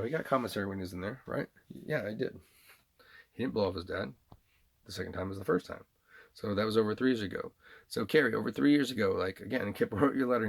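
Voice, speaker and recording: A man with a slight Southern drawl rambles through an unscripted video monologue, full of fillers and restarts. His low voice has a gravelly, husky edge. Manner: rambling, speaks of himself in third person, many restarts and fillers.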